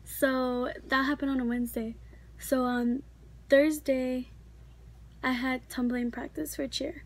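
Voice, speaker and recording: A teenage girl tells a story in a casual, rambling way, her voice sitting high. She talks in a chatty rush, packed with fillers. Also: flat delivery, measured pace. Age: teens. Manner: chatty, filler-heavy, many likes. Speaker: vlogger.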